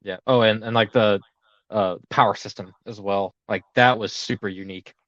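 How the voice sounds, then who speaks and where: A man's voice: lowish voice, steady tone, normal speed, a bit bright, no room sound, lo-fi sound. A young man co-hosting a casual podcast, rambling with lots of fillers and easy laughter. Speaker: podcast co-host.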